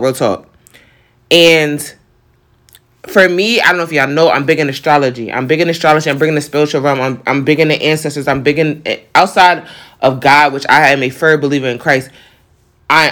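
A man's voice: a little high, fairly bright tone. A man with a New York accent hosting a podcast, talking casually and passionately to his listeners, repeating phrases and using street slang. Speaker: podcast host.

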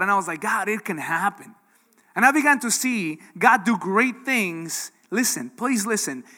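A man preaching a sermon in a lively, conversational way, often asking the audience questions. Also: sits high, long reverb tail. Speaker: pastor.

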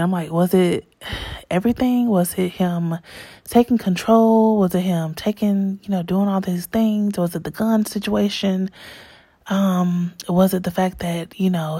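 Gravelly low-voiced woman storyteller. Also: no echo. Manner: chatty, full of fillers, drops into hushed asides. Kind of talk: candid personal storytelling.

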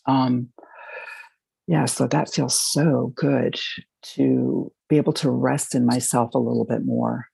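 A middle-aged woman with a husky, gravelly voice shares her recovery story in a halting, emotional manner. Her tone is dark and mellow, and the sound is dry and close. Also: a bass voice, steady tone, no echo, rough recording. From Baltimore, Maryland. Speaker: recovery meeting speaker. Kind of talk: personal sharing.

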